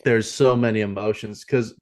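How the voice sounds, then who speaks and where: A man's voice: fairly low pitch, fairly even intonation, moderate pace, a little mellow. A man co-hosting a film podcast, talking casually and rambling with many fillers and restarts. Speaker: podcast co-host.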